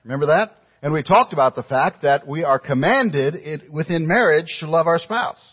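A man's voice: a little high, normal speed, slightly rough, lo-fi sound. A male pastor preaching a sermon to his congregation, emphatic, posing pointed rhetorical questions and speaking directly to the people in the room.

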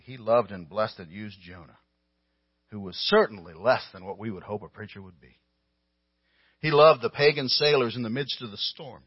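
Male pastor, low voice, forceful stresses and hushed drops, muffled dry sermon audio. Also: moderate pace, breathy edge, no echo. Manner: emphatic, with sudden loud stresses and quiet drops.

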